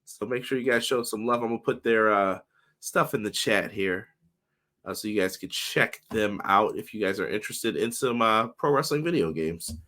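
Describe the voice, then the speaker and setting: A man hosting a casual wrestling podcast livestream, upbeat and greeting viewers by name, his voice slightly hoarse. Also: fairly low pitch, animated, normal speed, pushed and bright. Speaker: podcast host.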